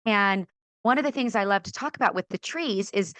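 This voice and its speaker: A middle-aged woman from California, a podcast guest and author, telling her faith story in an animated way, acting out quoted voices and laughing often. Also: mid-range voice, brisk, dry recording. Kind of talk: animated testimony in a faith interview.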